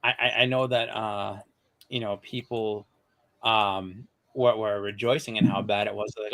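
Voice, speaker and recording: A man's voice: on the low side, normal speed, creaky, fairly bright tone, a little hiss or hum. A man in his thirties hosting a live comics show, chatting casually and rambling through stories with many restarts and fillers. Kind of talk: casual chat.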